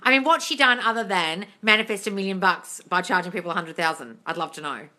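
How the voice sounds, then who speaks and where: A woman's voice: medium pitch, fast talker, sharp tone. A woman hosting a live stream, reading viewer comments aloud and answering them bluntly, swearing freely and calling viewers darling. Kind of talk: casual chat reading comments.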